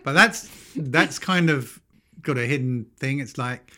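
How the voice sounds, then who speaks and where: A man's voice: mid-range voice, measured pace, sharp tone. A man co-hosting a casual podcast, dry and good-humored, playing along with his co-host's jokes. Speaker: podcast co-host. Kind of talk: casual chat.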